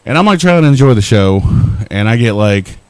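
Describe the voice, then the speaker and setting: A man's voice: medium pitch, lively intonation, a little fast, smooth, no room sound. A middle-aged man co-hosting a podcast, telling a rambling, profane, self-deprecating story in casual chat. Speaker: podcast co-host.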